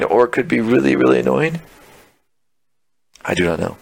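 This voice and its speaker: A man's voice: medium pitch, very animated, normal speed, creaky. A man in casual chat, rambling and unsure, with lots of fillers.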